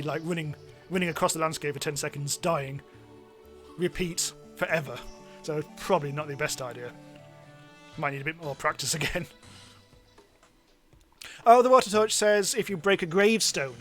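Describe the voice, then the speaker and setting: Excitable man streaming a game. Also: on the high side, moderate pace, long pauses, faint music behind. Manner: chatty, self-mocking, bursts into excited yelps. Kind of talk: live let's-play commentary.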